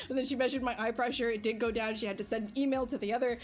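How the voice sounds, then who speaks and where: High-voiced woman telling a story. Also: rapid-fire, faint music behind. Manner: animated storytelling, frequent laughing, filler-heavy. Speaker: livestream artist. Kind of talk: casual chat while streaming.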